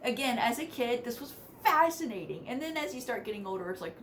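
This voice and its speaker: A woman's voice: on the high side, fast, a little hiss or hum. A woman from West Virginia telling family stories to camera in a chatty, casual way. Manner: chatty, laughs between sentences, animated asides. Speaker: vlogger.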